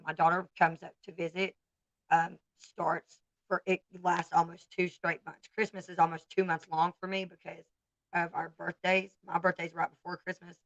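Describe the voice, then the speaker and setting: A woman's voice: lowish voice, vocal fry, a bit bright, dry recording, highs cut off. A woman in her forties with a Southern US accent, chatting bluntly and candidly to viewers on a casual livestream. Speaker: livestream host.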